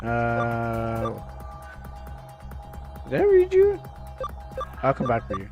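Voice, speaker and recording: Young male streamer, animated pitch, trips over words reading aloud, soft music behind. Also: extremely slow, muffled recording. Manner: stumbling, restarting words while reading aloud. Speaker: game streamer. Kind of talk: casual gameplay commentary, reading game text aloud.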